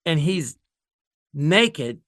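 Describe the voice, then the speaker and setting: A man's voice: on the high side, very animated, very slow, fairly bright tone, no room sound, studio quality. A man telling rambling, funny anecdotes as a guest, often laughing at his own stories. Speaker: guest storyteller.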